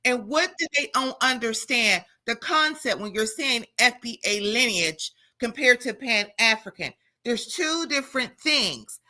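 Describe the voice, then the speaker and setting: A woman's voice: on the high side, animated, a little slow, hardly any pauses, bright, forceful tone. A woman calling in to a talk show, a teacher, speaking bluntly and emphatically. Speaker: caller, teacher. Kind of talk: call-in radio talk.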